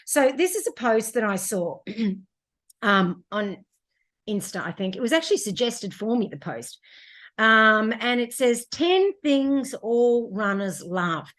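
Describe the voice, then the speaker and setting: A fairly high-voiced woman co-hosts a casual podcast about running. She tells stories in a lively, chatty way and laughs often between her points. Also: takes it slowly. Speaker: podcast co-host, running coach. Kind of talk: casual chat.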